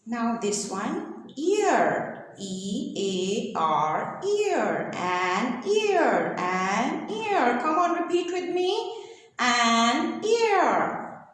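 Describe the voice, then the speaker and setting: A woman teaching a children's English lesson, spelling out and repeating simple words in a slow sing-song way. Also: high-pitched, very animated, a bit bright, slight background noise. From Pakistan. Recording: echoey room with long reverb.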